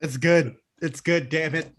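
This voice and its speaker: A man's voice: on the high side, fairly even intonation, a little slow. A man co-hosting a podcast in casual chat, laughing often and teasing his co-hosts with contrary opinions. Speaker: podcast co-host.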